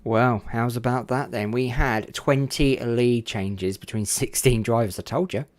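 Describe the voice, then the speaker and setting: A man's voice: unhurried, no room sound. Chatty man commentating a sim race. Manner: chatty, talks to viewers in chat, gets excited and pitch jumps up. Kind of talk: casual live race commentary.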